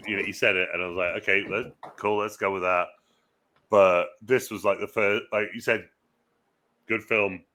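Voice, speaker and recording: Guy on a movie review podcast, bright tense voice, rambly and sweary. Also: lowish voice. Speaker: podcast co-host, film reviewer. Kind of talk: casual chat.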